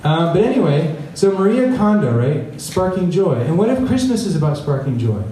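A very animated pastor with a high, mellow voice preaches at a moderate pace, regularly checking in with "right?" as he talks to the congregation. The echoey room places him at a distance, with a little hiss or hum.

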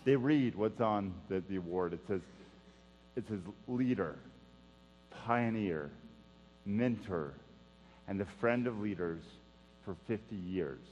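A man's voice: on the low side, takes it slowly, pauses often. Man preaching in a reverberant hall. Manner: earnest preaching, repeats key phrases, drops to a hush for emphasis. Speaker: pastor. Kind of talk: sermon. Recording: dull sound with long hall reverb and mains hum.

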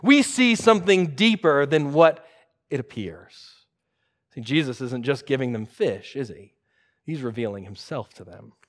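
A man's voice: mid-range voice, lively intonation, measured pace. A man preaching a sermon, explaining scripture verse by verse and varying his pace for emphasis. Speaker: pastor.

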